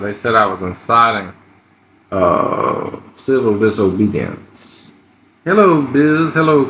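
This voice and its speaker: A man hosting a live stream, greeting viewers by name in an unhurried way with fillers. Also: mid-range voice, pushed and bright. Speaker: livestream host. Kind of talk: casual live-stream chat. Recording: roomy, dull lo-fi livestream audio.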